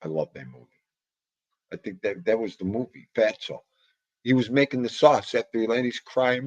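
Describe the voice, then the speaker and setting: A man's voice: mid-range voice, normal speed, darkish tone, no room sound. A man hosting a casual livestream, rambling about old movies, muttering asides to himself and greeting chat. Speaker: livestream host.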